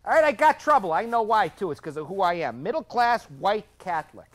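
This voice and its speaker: An actor playing a bitter, foul-mouthed middle-aged police officer in a stage drama, blunt and defiant. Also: male voice, high voice, big pitch swings, a little fast. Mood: angry.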